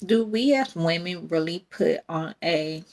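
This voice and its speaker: A woman's voice: lowish voice, animated, unhurried, darkish tone. A young adult woman, hosting a casual faith podcast in a rambling, candid way and laughing often. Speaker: podcast host.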